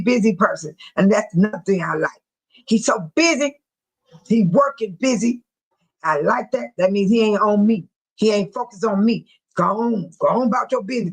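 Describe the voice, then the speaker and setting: A woman's voice: medium pitch, slightly rough, rough recording. A woman in her sixties hosting a livestream in casual chat, talking bluntly and telling stories with frequent laughs. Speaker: livestream host speaking to viewers.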